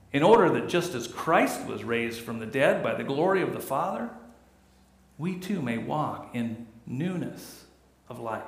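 A middle-aged male pastor preaching a sermon with earnest delivery that rises and falls. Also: mid-range voice. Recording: echoey church room.

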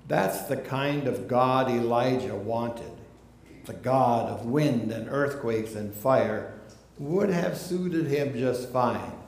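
A man preaching a sermon in an unhurried way, dropping to a hush on quiet phrases. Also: mid-range voice. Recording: echoey room with faint ambience.

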